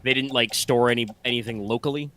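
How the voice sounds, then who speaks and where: A man's voice: mid-range voice, fairly even intonation, quick pace, pushed and bright, slight background noise. A man co-hosting a game stream, chatting casually with lots of fillers and dry remarks. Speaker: stream co-host. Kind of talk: casual gameplay chat. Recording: game music underneath.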